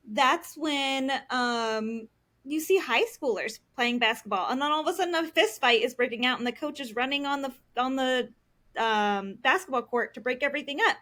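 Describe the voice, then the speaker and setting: A woman's voice: high voice, a bit bright. A woman counselor in a casual podcast conversation, explaining parenting strategies with acted-out examples and frequent fillers. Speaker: licensed professional counselor, podcast guest.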